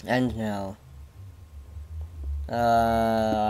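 A man giving let's play commentary, stammering and repeating himself as he gets excitable. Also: fairly low pitch, extremely slow, pauses often, a little hiss or hum. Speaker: gaming channel host.

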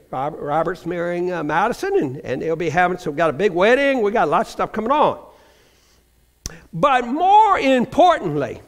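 Lively man sharing a testimony. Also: sits high. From Virginia. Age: older. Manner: storytelling with acted-out quotes, humorous. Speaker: church member giving testimony. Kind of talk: personal testimony in church. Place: church sanctuary. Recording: reverberant church sanctuary.

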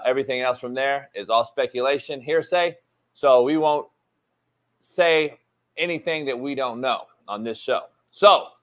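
A man hosting a live sports talk show, talking in an animated, emphatic way, swearing casually and hammering key points through repetition. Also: on the high side.

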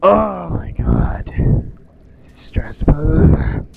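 A young man commentating his own game playthrough, excitable and swearing, shouting at the screen. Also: a little high, extremely slow, vocal fry, narrow, tinny audio, background noise. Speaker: gaming video host. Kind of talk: let's play commentary.

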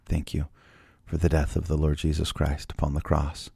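A man hosting a devotional Bible podcast, talking in a chatty way and firing rhetorical questions at listeners. His voice is extremely deep, with a gravelly, husky fry. The sound is dry and close, with no room in it. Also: steady tone, fairly quick, few pauses, dark tone, no echo. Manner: conversational, rhetorical questions, restarts. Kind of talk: devotional talk and prayer.

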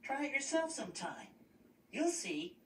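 A man voicing Big Bird, a gentle childlike giant bird, telling a story in a sing-song, wondering way in a children's TV puppet show. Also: very high voice, huge pitch swings, measured pace, a little hiss or hum, heavily acted. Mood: storytelling. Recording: clip played back from far off in an echoey room.

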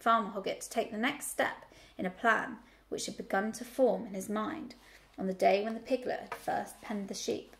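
A woman teacher reading a children's novel aloud in a steady storytelling manner. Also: fairly high pitch, creaky.

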